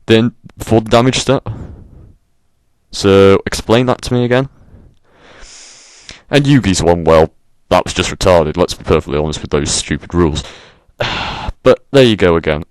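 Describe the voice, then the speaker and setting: Brief: a low-voiced man ranting sarcastically into a dry, close mic. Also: no echo. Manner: exasperated, sarcastic, swears freely. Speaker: vlogger. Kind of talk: ranting monologue.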